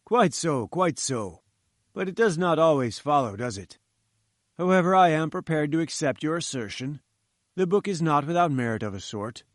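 A man's voice: on the high side, animated, normal speed, no echo, studio quality, lightly acted. A man doing a pompous, lecturing old professor. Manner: condescending, lecturing. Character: pompous, patronizing older male professor. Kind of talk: audiobook reading.

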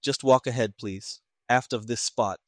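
A man voicing a calm, polite male detective who speaks in a measured, courteous, low-key way, in a dry recording. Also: no room sound, natural voice. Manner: measured, courteous, soft-spoken.

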